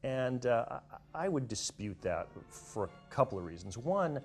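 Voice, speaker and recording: A man's voice: mid-range voice, sing-song, unhurried, faint music behind. A man, a film director, thinking back in a documentary interview, with many restarts. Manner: thoughtful, with frequent restarts.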